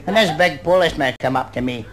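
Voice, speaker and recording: A man's voice: fairly high pitch, quick pace, poor audio. A Scottish man doing live stand-up comedy, telling rambling anecdotes with "you know" thrown in. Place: nightclub stage before a live audience. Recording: old live club recording, loud crowd and noise. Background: audience laughter.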